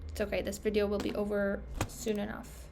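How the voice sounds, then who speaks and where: A woman's voice: medium pitch, completely flat delivery, fairly quick, gravelly, background noise. A young woman trader thinking aloud over her charts, self-critical and trailing off, losing her voice. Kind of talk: casual self-talk screen recording.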